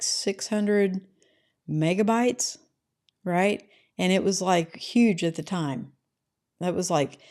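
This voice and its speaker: Chatty middle-aged woman, lowish voice. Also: darkish tone. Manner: rambling and chatty, often adds "right?". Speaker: livestream host reading chat. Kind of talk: casual livestream chat. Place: her home.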